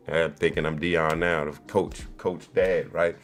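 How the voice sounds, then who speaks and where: A man's voice: extremely low pitch, flat delivery, measured pace, few pauses, soft background music. Profane, slangy man riffing on sports. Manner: loose, profane street slang. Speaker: show host. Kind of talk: casual commentary.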